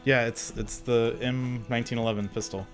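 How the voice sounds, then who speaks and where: A man's voice: mid-range voice, flat delivery, a little fast, faint music behind. Laid-back man running a tabletop game. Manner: laid-back, laughing often, with filler words. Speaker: game master.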